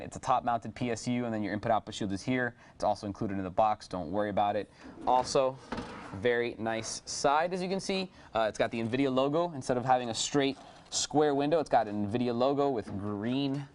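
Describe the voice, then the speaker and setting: Male presenter, quick eager sales patter, middle pitch, casual demo delivery. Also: slight background noise. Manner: enthusiastic salesy patter with many fillers. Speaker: product presenter. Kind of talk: unscripted product demo.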